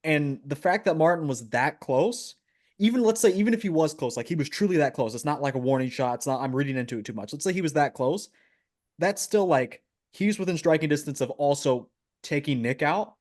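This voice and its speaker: A man co-hosting a casual bodybuilding podcast, animated and quick to laugh, often repeating his phrases. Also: on the high side. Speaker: podcast co-host.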